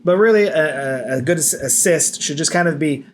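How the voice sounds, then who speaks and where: A man's voice: normal speed, slight background noise. Laid-back wry man on a podcast. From United States. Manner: relaxed, wry asides, trails off into low mutters. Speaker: podcast co-host, photographer. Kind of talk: casual podcast chat.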